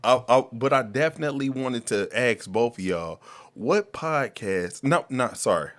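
A man hosting a casual podcast, animated and slangy, often repeating words as he starts a sentence. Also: medium pitch, measured pace. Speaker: podcast host.

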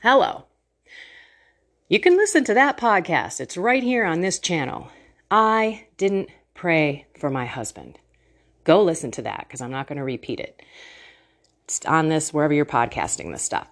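A middle-aged woman talking into her phone at home, an earnest and emotional faith vlogger who chats warmly and laughs often. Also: low-pitched, sing-song, moderate pace. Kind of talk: casual devotional talk to camera. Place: at home, indoors.

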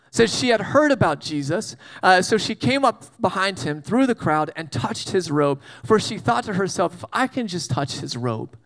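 A man's voice: sits high, very animated, normal speed, few pauses, fairly bright tone. A man preaching a casual sermon, telling a Bible story with jokes and acted-out asides. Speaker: pastor.

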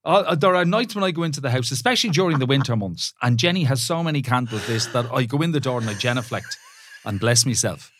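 A man's voice: mid-range voice, animated, quick pace, a bit bright, no echo. An Irish man co-hosting a podcast, teasing his co-host with a jokey manner. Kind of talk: casual chat.

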